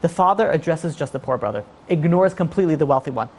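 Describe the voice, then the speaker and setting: Rabbi guy preaching fast, animated storytelling, jumps into voices. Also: fairly high pitch. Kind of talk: sermon storytelling.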